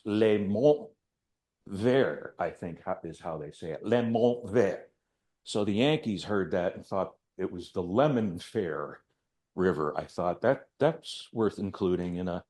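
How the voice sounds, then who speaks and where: At an art gallery, an older man who is an artist talks informally and ramblingly to the audience about his work, with chatty, self-deprecating asides. He has a medium-pitched, a little mellow voice.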